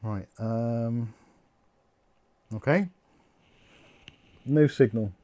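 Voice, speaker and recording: A man's voice: mid-range voice, drawn-out words, mellow. A man hosting a live stream, chatting casually and swearing as he works through a build at home. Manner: chatty, swearing, laughing at himself. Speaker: host.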